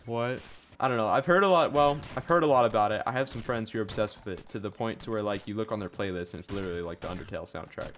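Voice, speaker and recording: Low-voiced young man chatting over gameplay. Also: racing, fairly bright tone, a little hiss or hum. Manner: joking, rambling with many likes. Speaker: gaming channel host. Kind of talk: casual gameplay chat.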